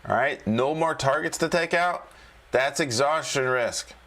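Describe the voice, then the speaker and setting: Hosting a casual live-stream of market commentary as a trading coach, a man speaks a little slowly in a mid-range, slightly bright voice. He repeats himself loosely and keeps prodding viewers to answer in the chat, asking "all right?".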